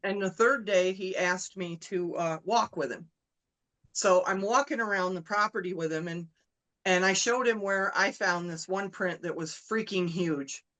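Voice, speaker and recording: A woman's voice: medium pitch, unhurried, a bit bright, low-quality recording. Chatty woman telling a story. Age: middle-aged. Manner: retells events with lots of quoted dialogue and fillers. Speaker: podcast guest. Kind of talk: casual storytelling.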